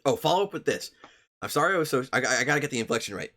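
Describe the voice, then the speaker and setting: A man's voice: medium pitch, expressive, rapid-fire, bright, forceful tone. A young man streaming, reading a story aloud to his chat with profane, joking asides.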